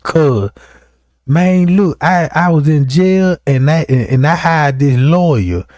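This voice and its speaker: A man's voice: on the high side, takes it slowly, dry recording. A young man telling a comic story, talking loosely and profanely and often checking in with the listener. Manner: animated, profane, keeps asking "you know what I'm talking about". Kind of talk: comedic storytelling.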